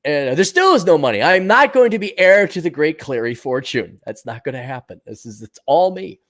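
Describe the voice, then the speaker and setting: A sarcastic American man in his forties runs a live question-and-answer stream, cursing freely and mocking the people he talks about. His voice sits slightly high and swings widely in pitch. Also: big pitch swings, fairly quick, fairly bright tone. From United States. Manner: blunt, profane, sarcastic, mocks others in mimicking voices. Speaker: podcast host answering viewer questions. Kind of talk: livestream rant.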